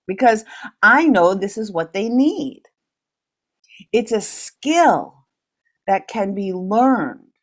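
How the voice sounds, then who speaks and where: A middle-aged woman hosting a solo podcast, talking in a gentle, earnest coaching tone. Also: medium pitch. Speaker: podcast host. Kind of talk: reflective solo podcast talk.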